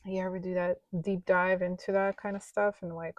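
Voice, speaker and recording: A woman's voice: fairly low pitch, flat delivery, moderate pace, no room sound, highs cut off. A woman vlogger chatting casually while counting cash into budget envelopes aloud, sometimes dropping to a near-whisper.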